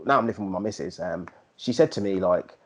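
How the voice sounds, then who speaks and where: Lively man telling stories. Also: low voice, fast. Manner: animated storyteller, slangy, slips into put-on MC voices. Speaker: podcast co-host. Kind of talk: casual chat.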